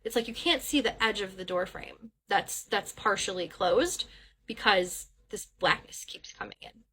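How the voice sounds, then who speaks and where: A woman's voice: medium pitch, unhurried, slight background noise. A woman casually telling a first-person ghost story, rambling with restarts and fillers and acting out quoted dialogue, swearing at the scary parts. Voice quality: animated retelling with quoted dialogue. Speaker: guest storyteller.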